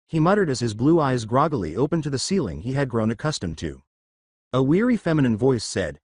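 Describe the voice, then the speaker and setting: A man giving a steady, scripted narration of a fan-written story. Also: mid-range voice, fairly quick, husky, dry recording, clean studio sound.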